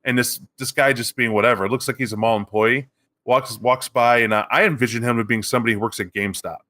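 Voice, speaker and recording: A man's voice: mid-range voice, fairly even intonation, quick pace, sharp tone. A man co-hosting a podcast, telling a tabletop game story in a casual chat and acting out the characters. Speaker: podcast co-host.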